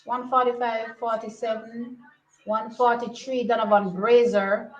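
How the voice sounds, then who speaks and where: A young woman giving casual live commentary on a track race, excitable and repeating herself as she thinks aloud. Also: a little high, unhurried. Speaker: track and field watch-along host. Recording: slightly muffled lo-fi audio.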